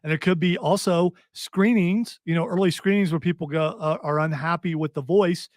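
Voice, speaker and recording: A man's voice: on the high side, steady tone, moderate pace, dry recording. A man hosting a casual pop culture podcast who steers the topics and poses questions conversationally. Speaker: podcast host.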